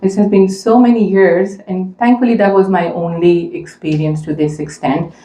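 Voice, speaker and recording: A woman's voice: lowish voice, steady tone, normal speed, dark tone. A woman telling a personal story as a mother to a community audience, earnestly and conversationally, with many fillers. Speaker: mother speaking at a community event. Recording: echoey room.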